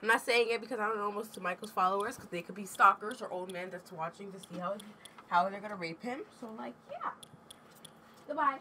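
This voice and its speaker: A woman's voice: medium pitch, a little fast, bright, forceful tone, slight background noise. A young woman teasing the gamer at home, talking away from the mic. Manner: teasing, playful. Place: home room.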